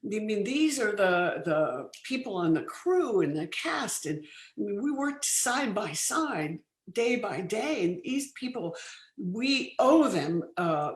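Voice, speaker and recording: An older woman, a film producer, chatting as an interview guest, telling lively stories with many restarts. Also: mid-range voice. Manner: lively anecdotal storytelling, frequent laughs and restarts. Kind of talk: casual interview chat. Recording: roomy studio sound.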